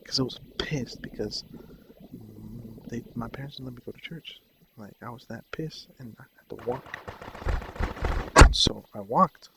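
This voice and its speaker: Rambling young man with a gravelly voice. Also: medium pitch, measured pace, long pauses, heavy background noise. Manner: rambling, loses his train of thought. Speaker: vlogger. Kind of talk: casual personal storytelling.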